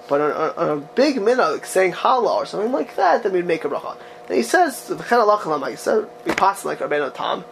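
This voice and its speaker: High-voiced man teaching a text class. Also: slight background noise. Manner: animated, asks the class rhetorical questions, reads texts aloud. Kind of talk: text-study lecture to a class.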